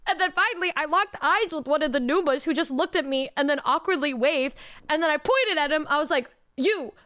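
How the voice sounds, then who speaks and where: High-voiced woman streamer, animated and laughing. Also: brisk. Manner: animated, laughing often, swearing, mock-whiny. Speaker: streamer and singer. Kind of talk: casual stream chat, storytelling.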